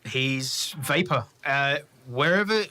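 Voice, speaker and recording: Bright-toned gm narrating a tabletop game, kinda slow, lots of uhs. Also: mid-range voice, lively intonation. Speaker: game master.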